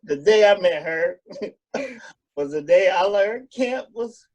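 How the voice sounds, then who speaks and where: A man's voice: high voice, animated, takes it slowly, a little mellow, muffled recording. A young man, a camp coordinator, chatting casually and laughing mid-sentence. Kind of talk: casual podcast chat.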